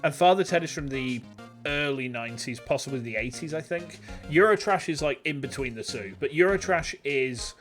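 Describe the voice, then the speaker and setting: A man's voice: mid-range voice, lively intonation, normal speed, a bit bright, faint music behind. An English man in his thirties rambling chattily while streaming a game. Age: 30s. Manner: rambling, chatty, self-deprecating. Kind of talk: casual gameplay commentary.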